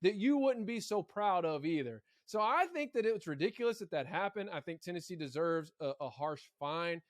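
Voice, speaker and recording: A man from Arkansas with a high voice co-hosts a casual college sports podcast, speaking animatedly in bursts at a moderate pace. He often repeats a word while thinking before getting going, and the recording is dry and close.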